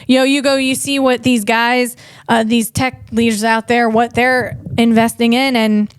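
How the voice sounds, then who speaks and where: A woman's voice: fairly high pitch, little pitch movement, a little slow, clear, resonant tone, no echo, studio quality. A woman hosting a comedy podcast, riffing casually and interrupting herself as she talks. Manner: chatty, riffing, self-interrupting.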